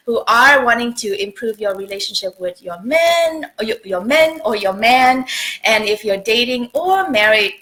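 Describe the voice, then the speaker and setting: Bright-voiced chatty woman coach. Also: fairly high pitch, rough recording. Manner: chatty, animated, swings loud and soft. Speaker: dating coach. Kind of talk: live-stream advice talk.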